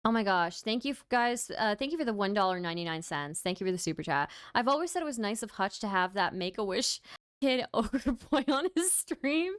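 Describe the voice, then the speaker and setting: Clear-voiced tired woman streamer. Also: medium pitch, animated, a little fast, dry recording, studio quality. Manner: wry, tired, laughs at her own jokes; reads out and thanks viewer donations. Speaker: livestream host. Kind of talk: casual stream chat.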